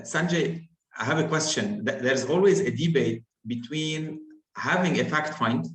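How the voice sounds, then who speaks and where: A man moderating a panel, asking questions in a halting way with many fillers. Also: mid-range voice, reverberant, rough recording. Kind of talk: hosting a panel discussion.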